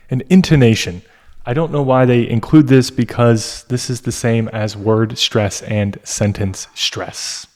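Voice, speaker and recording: A man tutors for an English exam, giving an explanatory lesson at an unhurried pace with pauses between points. His voice sits at an ordinary middle pitch, and he explains each term in a slow, deliberate, teacherly way.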